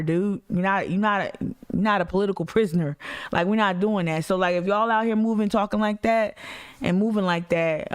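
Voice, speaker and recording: A woman's voice: fairly low pitch, clear, resonant tone. A woman hosting a casual livestream, blunt and emphatic, slangy, and talking straight to her chat. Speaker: activist livestream host.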